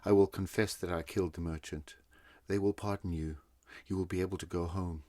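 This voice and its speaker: A man's voice: sits low, steady tone, fairly quick, darkish tone, no room sound, natural voice. A man reading a story, voicing a remorseful male convict who pleads for forgiveness. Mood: pleading. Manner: pleading, broken.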